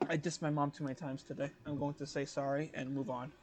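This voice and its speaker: A man's voice: on the high side, flat delivery, fast, noisy background. A young man in his twenties telling a story on a casual podcast, rambling with fillers and self-corrections and laughing often. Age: 20s. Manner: laughs often while talking. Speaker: podcast co-host.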